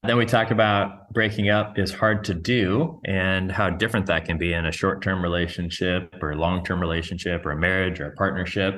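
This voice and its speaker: A man's voice: deep voice, little pitch movement, brisk, few pauses, fairly bright tone. A man hosting a podcast in casual chat, joking and self-deprecating. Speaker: podcast host.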